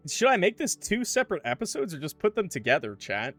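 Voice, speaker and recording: A man streaming a game, chatting casually and thinking aloud in an animated way. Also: high-pitched, fast talker, faint music behind. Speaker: gaming streamer. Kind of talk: casual let's-play commentary.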